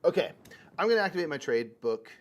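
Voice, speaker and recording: A man's voice: on the high side, big pitch swings, fast talker, highs cut off. A man hosting a board game session, chatting casually and teasing his fellow player as he takes his turns. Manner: joking, teasing, laughs often. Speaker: board game show host. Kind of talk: casual chat while playing a board game.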